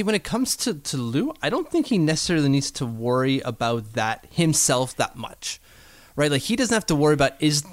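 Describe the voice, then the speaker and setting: A man co-hosts a casual sports chat in a fairly high voice that swings up and down a lot. He rambles, restarts and corrects himself as he talks. The sound is close and dry. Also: no room sound. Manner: chatty, rambling, self-correcting. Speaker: podcast co-host.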